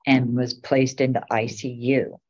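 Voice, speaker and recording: A woman's voice: extremely low pitch, little pitch movement, unhurried, darkish tone, breathy edge. A middle-aged woman and town commissioner, rambling through casual anecdotes at a meeting. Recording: dull lo-fi meeting recording.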